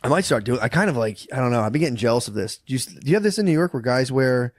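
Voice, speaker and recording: A man's voice: mid-range voice, expressive, no room sound, clean studio sound. A man co-hosting a comedy podcast, riffing crudely and laughing often. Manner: profane, riffing, quick to laugh. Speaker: podcast co-host.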